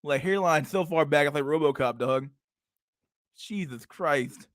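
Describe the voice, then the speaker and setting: A man's voice: fairly high pitch, measured pace, dry recording, clean studio sound. A man streaming casual reaction commentary on videos, with crude slang, frequent laughter, and a habit of calling his viewers dog and bro.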